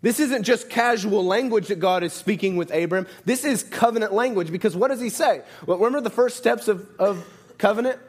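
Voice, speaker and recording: A man's voice: high-pitched, fairly quick. A man preaching a sermon in a conversational way, often asking "right?" and restarting his sentences. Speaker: pastor.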